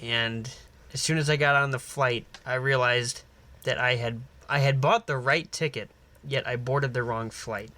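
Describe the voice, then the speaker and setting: Bright-voiced man telling a wild story. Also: medium pitch, measured pace. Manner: animated, acts out voices in his story. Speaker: podcast co-host. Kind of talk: improvised comedy storytelling.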